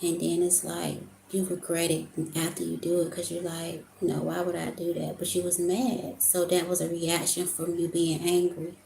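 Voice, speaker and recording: Woman, tarot reader, low and flat, echoey room with faint hum. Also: moderate pace, gravelly, hardly any pauses. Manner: emotional, talks to viewers as y'all. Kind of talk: casual tarot reading to camera.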